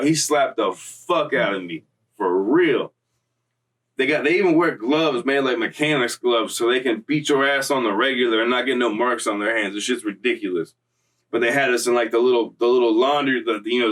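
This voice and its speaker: A young man casually tells a story in street slang, cursing often and wandering into asides. His mid-pitched voice sounds a bit bright, but he's captured from a distance away from the mic and the audio quality is poor.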